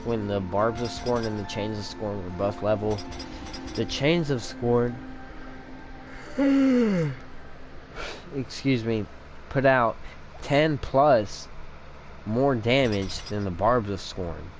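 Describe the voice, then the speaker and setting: Slow-talking man with the hiccups. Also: mid-range voice, animated. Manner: rambling and thinking aloud, with restarts. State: has the hiccups. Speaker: gamer commentating his own play. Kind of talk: casual gameplay commentary. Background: game music.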